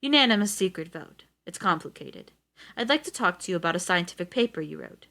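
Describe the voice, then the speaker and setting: Woman doing brisk middle-aged official: cool, direct, low-set voice. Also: expressive, gravelly, pushed and bright, exaggerated voice. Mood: cool, businesslike.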